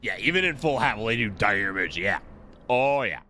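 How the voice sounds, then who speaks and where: A man's voice: lowish voice, very animated, normal speed, bright, forceful tone, a little hiss or hum. A man streaming a game live, chatting casually to his viewers as he plays. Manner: casual, chatty, talks to chat. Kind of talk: live gameplay commentary.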